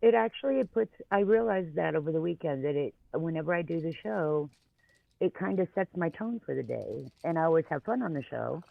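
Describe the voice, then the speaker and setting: A man's voice: on the high side, expressive, fairly quick, vocal fry, no echo. A male co-host with a slight Southern accent, chatting casually and easygoing, laughing often. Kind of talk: casual chat. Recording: tinny phone line.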